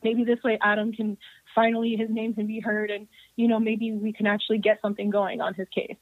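A woman's voice: medium pitch, little pitch movement, fairly quick, no echo. A woman guest speaking in a plain, hesitant way with fillers in a casual interview, over a tinny phone line.

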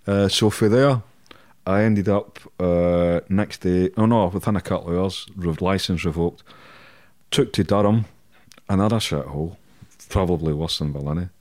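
A middle-aged Scottish man with a very deep voice tells his anecdotes bluntly, swearing freely and chuckling as he goes. The sound is dry and close, with no room around him. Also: moderate pace, darkish tone, dry recording. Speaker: interview guest. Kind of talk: casual storytelling.

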